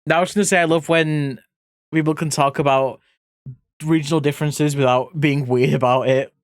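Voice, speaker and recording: A British streamer hosting a guest in casual live-stream chat, playful and quick to giggle. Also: mid-range voice, steady tone, no echo, studio quality. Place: home streaming setup.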